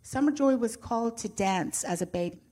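A woman's voice: on the high side, animated, normal speed, warm tone. Earnest older woman giving a testimony. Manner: heartfelt and earnest, lightly humorous. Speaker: guest speaker sharing a faith testimony. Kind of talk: personal testimony to a church audience.

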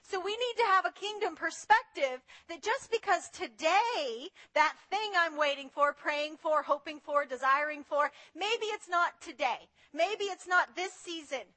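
A woman preaching a sermon in an animated way, acting out the voices she quotes. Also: very high voice, unhurried, few pauses.

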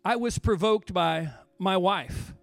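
Passionate high-voiced male preacher. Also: takes it slowly, gravelly, no echo, soft background music. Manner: passionate preaching, swinging from soft to shouted. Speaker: pastor. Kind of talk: sermon.

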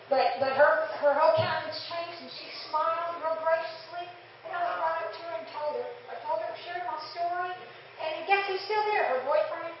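A woman's voice: extremely high pitch, a little fast. A woman giving a chatty, laughing church testimony to a live group, acting out her own inner conversations. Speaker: testimony speaker. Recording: distant, echoey, dull church room.

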